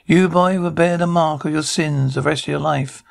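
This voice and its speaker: A man's voice: a little high, fairly even intonation, normal speed, creaky. A man doing a stern Puritan magistrate. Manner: pronouncing judgment, scornful. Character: stern Puritan male magistrate, harsh and self-righteous.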